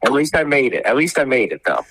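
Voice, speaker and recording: A man's voice: mid-range voice, sing-song, fast talker, fairly bright tone, a little hiss or hum, poor audio. A man telling wrestling backstage stories on a podcast, rambling and acting out the people he quotes, with some swearing. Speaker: wrestling promoter guest. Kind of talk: casual podcast storytelling.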